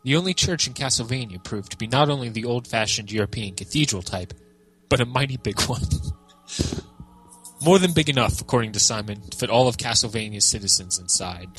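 Guy reading a storybook out loud, amused, husky. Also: mid-range voice, brisk, soft background music. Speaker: reader. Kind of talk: reading a book aloud.

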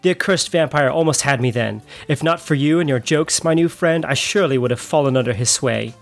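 A man's voice: on the high side, brisk, vocal fry, faint music behind. A man voicing a solemn, earnest male vampire hunter in a dramatic reading of a novel. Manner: earnest, formal.

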